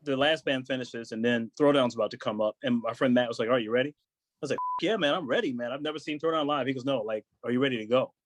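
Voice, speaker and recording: A man with a mid-range voice tells a story on a podcast. His delivery is animated, and he jumps into quoted lines as he talks. The sound is dry and close, with almost no room echo. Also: mid-range voice, fast talker. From United States. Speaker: podcast guest. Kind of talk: casual chat.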